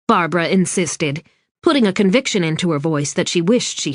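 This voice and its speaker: A woman narrating a suspense novel in a measured, even scripted reading. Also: on the low side, no echo. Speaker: audiobook narrator. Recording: dry studio read.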